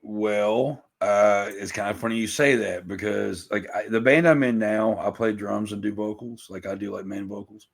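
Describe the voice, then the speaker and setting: With a lowish, gravelly voice, a steady tone and a moderate pace, this musician chats as a podcast guest with hardly any pauses. The casual conversation comes out rambling, profane and full of self-mockery.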